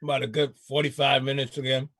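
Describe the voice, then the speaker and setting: A man's voice: medium pitch, level tone, quick pace, fairly bright tone, breathy edge, no room sound. A man hosting a casual chat show, laid-back and slangy, laughing often. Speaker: show host.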